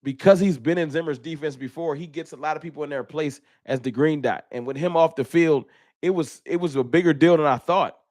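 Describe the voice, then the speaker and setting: A man's voice: a little high, a little mellow, no room sound, clean studio sound. A man hosting a casual fan livestream, reading super chats and venting with frustration and bursts of laughter. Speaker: fan channel host.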